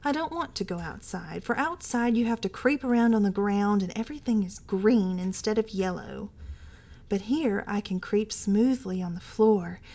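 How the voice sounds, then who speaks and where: Woman giving an intense story reading. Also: medium pitch. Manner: intense, shifting between hushed whispers and agitated outbursts. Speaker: library podcast reader. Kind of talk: dramatic reading of a first-person story.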